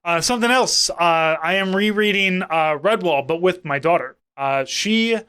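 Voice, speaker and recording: A man in his thirties from St. Louis talks loosely on a podcast, swearing often and circling back on his own sentences. His voice is bright and smooth, sitting a little high for a man. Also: moderate pace. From St. Louis, Missouri. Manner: rambling, profane, self-interrupting. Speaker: podcast co-host. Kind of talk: casual chat.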